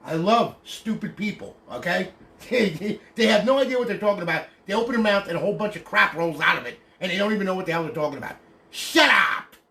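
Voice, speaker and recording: A man's voice: sits high, expressive, fast talker, fairly bright tone. A man selling and demonstrating modded consoles on a casual livestream, talking bluntly, ranting, and asking "okay?" after nearly every point. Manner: swears casually.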